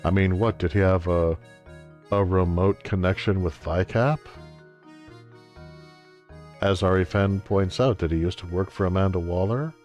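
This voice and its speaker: A man with a low voice and slow, drawn-out delivery talks through a game stream. His commentary is wry and jokey, full of mock outrage, while soft game music plays under him. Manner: wry, joking, exaggerated exclamations. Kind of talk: let's-play commentary.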